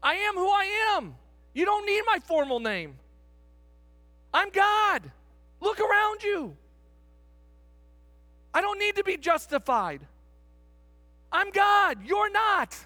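Preacher doing God as a high, forceful voice, impatient, dry sound, punchy. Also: male voice, big pitch swings, takes it slowly, pauses often, dry recording, faint music behind, full character voice. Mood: emphatic. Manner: emphatic, punchy declarations. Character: commanding male God, emphatic and impatient.

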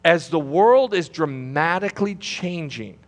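The same kind of sermon comes from a high-voiced preacher whose intonation stays lively and whose pace is measured. Standing at the pulpit of a church sanctuary, he alternates loud, soaring cries with quiet, low stretches and frequently repeats phrases. His voice echoes with long reverb around the big hall.

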